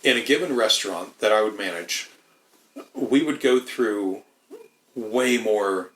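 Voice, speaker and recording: A man's voice: lowish voice, unhurried, a bit bright, echoey room, rough recording. A man in casual podcast chat, rambling with lots of swearing and restarts. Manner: rambling, profane, many restarts.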